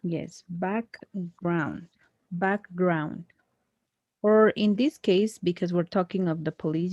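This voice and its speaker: A woman teaching English one-on-one, speaking patiently and correcting her student gently. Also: lowish voice, steady tone, takes it slowly, no room sound, lo-fi sound. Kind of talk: one-on-one online English lesson.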